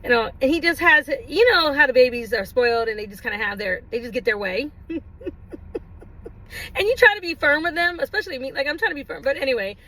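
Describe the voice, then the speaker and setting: A woman's voice: sits high, lively intonation, fast, pushed and bright, rough recording. A woman vlogger telling a casual story, laughing often and acting out exaggerated exclamations.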